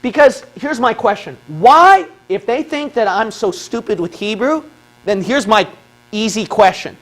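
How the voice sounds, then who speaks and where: High-voiced man arguing a point, "okay?". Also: expressive, normal speed. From Philippines. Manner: argumentative, repeats points with "okay?". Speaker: religious video presenter. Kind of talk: lecture on a whiteboard.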